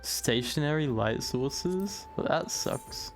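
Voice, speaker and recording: A man casually chatting to himself and his chat while playing a game, excitable and prone to swearing. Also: mid-range voice, slow, faint music behind. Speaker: streamer.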